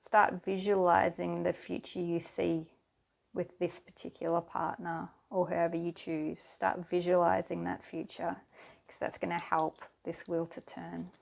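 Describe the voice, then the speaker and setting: A woman giving a pick-a-card tarot reading to her viewers, talking in an unhurried, soothing way and speaking to them directly. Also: on the low side, flat delivery, creaky.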